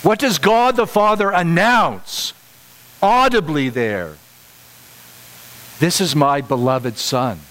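A man preaching a sermon at a slow, deliberate pace. His voice sits a little high, and it climbs further when he stresses a point. He repeats phrases again and again to drive them home. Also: expressive, fairly bright tone, poor audio. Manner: emphatic, repeats phrases for stress, rising to higher pitch on key points.

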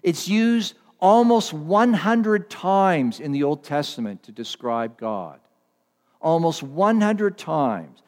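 A pastor preaching a sermon, stressing and repeating key words, swinging from loud declarations to hushed, low lines. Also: male voice, sing-song, takes it slowly, long reverb tail.

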